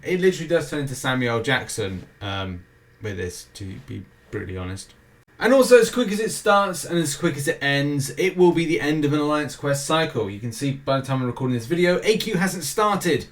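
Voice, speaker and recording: A British man hosting a gaming show rambles loosely through a game's weekly schedule, his mid-range voice very animated and a bit bright at a moderate pace. He keeps breaking off for jokey, self-mocking asides.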